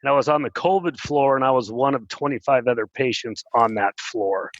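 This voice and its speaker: A middle-aged man, an interview guest, telling a personal story in an earnest, plainspoken way and pausing when moved. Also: medium pitch, no room sound, muffled recording.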